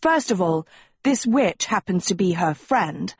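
A woman voicing a blunt, prickly teenage girl branded a witch, sharp-tongued and defiant, with a husky voice. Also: lowish voice, expressive, a little slow, dry recording, heavily acted.

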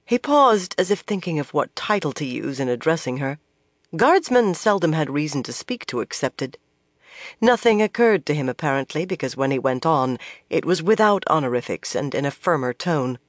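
A narrator giving a measured, expressive reading of a novel. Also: mid-range voice, dry recording, clean studio sound. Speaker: audiobook narrator. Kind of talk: scripted narration.

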